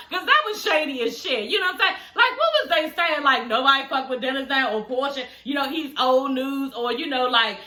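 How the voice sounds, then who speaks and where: A woman's voice: high voice, animated, fairly quick, hardly any pauses, pushed and bright, reverberant. A woman vlogger recapping a reality show from home in casual, slangy chat, laughing often, her speech slightly slurred by new dental aligners.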